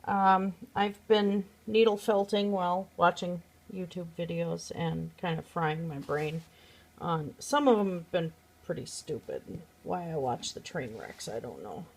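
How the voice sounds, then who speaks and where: A woman's voice: on the low side, a little slow. A woman chatting casually at home, showing her craft pieces to a phone camera, rambling with many fillers. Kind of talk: casual show-and-tell chat.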